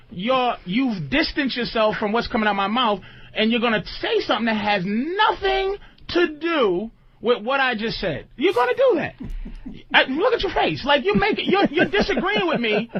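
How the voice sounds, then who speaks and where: A man hosting a radio talk show, ranting loudly and profanely at a co-host. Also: very high voice. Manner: loud, profane, animated ranting. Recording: dull lo-fi archive audio.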